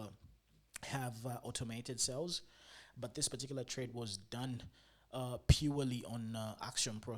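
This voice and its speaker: A man streaming live crypto trading, talking to his viewers in an excitable, chatty way. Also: medium pitch.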